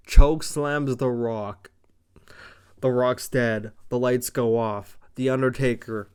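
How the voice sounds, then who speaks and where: A young man casually recapping a wrestling show, rambling, excited and profane. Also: mid-range voice, a little slow, clear, resonant tone. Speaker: wrestling reviewer.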